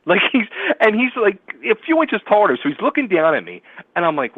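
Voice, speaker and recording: Male radio host, excitable and animated, tinny phone-line audio, dry close sound. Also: high voice, a little fast, dry recording. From Philadelphia area. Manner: excitable, laughs often, acts out quotes. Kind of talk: casual storytelling chat.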